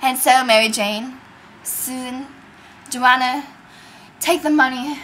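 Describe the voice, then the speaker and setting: A woman's voice: high voice, steady tone, slow pace, a bit bright, a little hiss or hum. A young woman playing a greedy old male con man, with folksy, pompous speechifying in an amateur drama reading.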